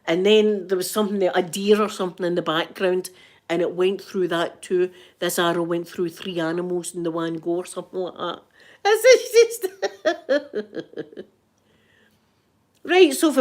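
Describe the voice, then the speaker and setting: A Scottish woman with a fairly low voice tells stories in a relaxed, chatty way. She brings the people she quotes to life as she goes. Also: unhurried. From Scotland. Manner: animated, acts out the quoted people. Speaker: ASMR livestream host. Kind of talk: casual storytelling chat.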